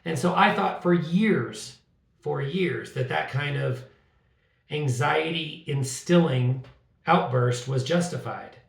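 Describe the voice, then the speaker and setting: A middle-aged man with a gravelly, fairly high voice talks with animated, sarcastic humor. He sits a little back from the mic, and the room gives his voice a roomy echo. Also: slow, distant mic. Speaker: podcast co-host. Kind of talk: casual conversation.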